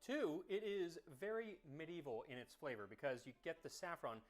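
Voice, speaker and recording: A man's voice: on the high side, big pitch swings, moderate pace, soft background music. A man hosting a cooking history show, chatting and thinking aloud as he tastes a dish and explains its history. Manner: curious, enthusiastic about history. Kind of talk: tasting commentary to camera.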